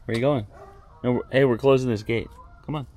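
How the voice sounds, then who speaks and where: A middle-aged father vlogging casually, coaching his kids and telling family stories in a relaxed way. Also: medium pitch, fairly quick, highs cut off, a little hiss or hum. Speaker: vlog host and father. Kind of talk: casual family vlog talk.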